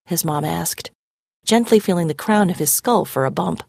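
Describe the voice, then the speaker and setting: A woman reading a story aloud expressively and pausing to define vocabulary words. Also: fairly low pitch, vocal fry, breathy edge, no echo, studio quality. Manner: animated, dramatic storytelling. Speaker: reader.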